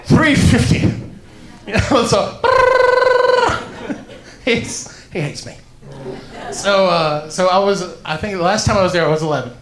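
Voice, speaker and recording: An Iranian man delivers stand-up at a moderate pace, his voice pitched high as he spins animated stories and laughs at his own punchlines. The live comedy room is echoey, with a noisy background.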